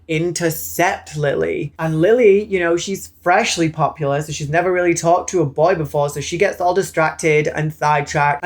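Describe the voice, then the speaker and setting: Sassy british guy, young, doing a camp chatty film recap w lots of swearing. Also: on the high side. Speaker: film reviewer. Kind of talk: casual movie recap.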